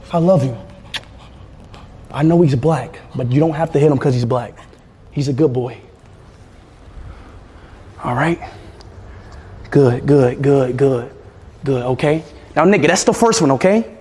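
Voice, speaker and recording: A young man streaming from home with his pets, excitable, jumping between high shrieks and low mutters. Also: measured pace, long pauses. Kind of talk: casual livestream chat. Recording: echoey room, faint background noise.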